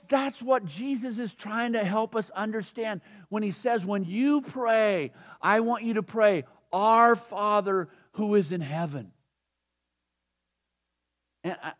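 A man in his sixties preaching a sermon, animated and repetitive, laughing often. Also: sits high. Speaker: pastor.

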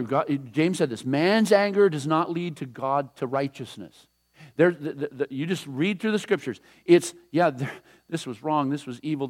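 Guy preaching in a high voice, chatty, goes quiet and soft when he quotes scripture. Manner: conversational preaching, drops to a hush on quotes, chuckles often. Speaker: pastor. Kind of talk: sermon.

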